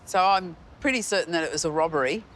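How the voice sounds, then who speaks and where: A woman psychic, describing her impressions in halting, searching speech. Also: fairly low pitch, slight background noise.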